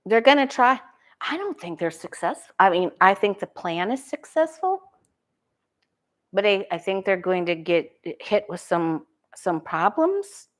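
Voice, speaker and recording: A woman's voice: mid-range voice, sing-song, unhurried. Woman tarot reader, casual solo talk, muses aloud, self-questioning, frequent restarts.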